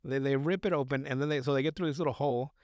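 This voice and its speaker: A man's voice: medium pitch, rapid-fire, no echo, studio quality. A man casually recapping a film on a podcast, rambling, swearing often and acting out the characters' lines. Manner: rambling, profane, acts out quotes. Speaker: podcast co-host.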